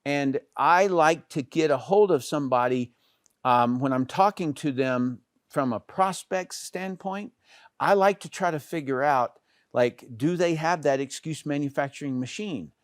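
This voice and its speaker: At a measured pace and fairly high pitch, a middle-aged man delivers a relaxed network marketing training session in clean studio sound with no room tone. His conversational style is littered with fillers and false starts, and he often gestures with "here."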